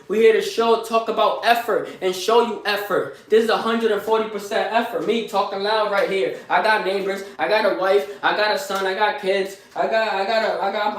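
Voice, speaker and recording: A man giving a loud, preachy motivational pep talk in his small home gym, repeating his lines and calling to his viewers. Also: sits high. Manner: loud and preachy, repeats phrases, says y'all a lot. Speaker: motivational live streamer. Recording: very echoey room, mic far off.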